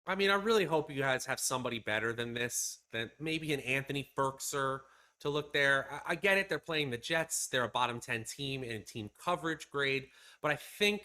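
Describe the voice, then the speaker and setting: A man analysing fantasy football matchups in a measured, casual way, with fillers here and there. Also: medium pitch, bright, forceful tone. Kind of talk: casual sports analysis chat.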